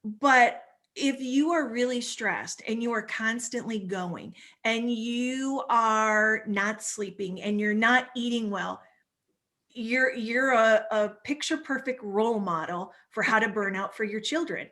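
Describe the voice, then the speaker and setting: Brief: woman in her 40s, a guest coach who talks lively and chatty, pitched a bit high. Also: slow pace. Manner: animated, acts out little voices while explaining. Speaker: family stress coach, guest speaker. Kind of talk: conversational talk.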